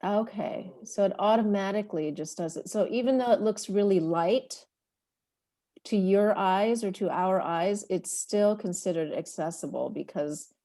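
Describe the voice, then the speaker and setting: A woman's voice: medium pitch, a little slow, mellow. Woman checking her understanding on a call. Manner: asks clarifying questions and restates to check. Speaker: workshop participant. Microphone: video call.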